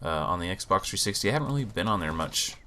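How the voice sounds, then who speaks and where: A man hosting a gaming channel, talking through gameplay in a relaxed, rambling way, with a low morning voice. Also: quick pace, a little hiss or hum. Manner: relaxed, rambling, thinks aloud. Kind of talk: casual gameplay commentary.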